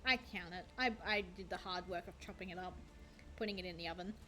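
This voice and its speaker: A young woman VTuber streams a card game, chatting casually in a rambling, self-deprecating way and swearing offhandedly. Her voice is lowish, quick, pushed and bright.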